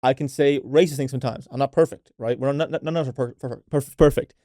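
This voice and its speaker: A man's voice: mid-range voice, fairly even intonation, quick pace, warm tone, no room sound, studio quality. A man hosting a casual solo podcast, speaking unfiltered and swearing freely, coaching women listeners and often tagging his points with "right?". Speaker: podcast host.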